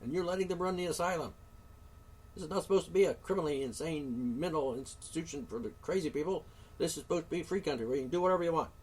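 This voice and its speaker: A man's voice: fairly high pitch, fast, a little mellow, far from the mic, a little hiss or hum. A man hosting a solo talk show, ranting indignantly with curses, sighs and sarcastic asides. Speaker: show host.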